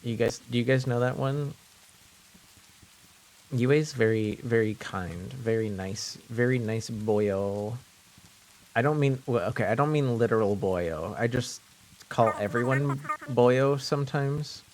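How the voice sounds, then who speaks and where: A man's voice: medium pitch, slow pace, darkish tone. A man from French Canada streaming live, chatting casually and jokingly with his viewers, rambling and often repeating himself.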